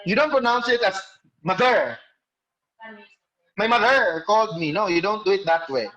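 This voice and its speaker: A man teaching an online class by video call speaks in a high-sitting voice with lively intonation and a fairly bright tone. He goes through material slowly, questions students by name, and corrects himself partway through sentences, all on a low-quality recording.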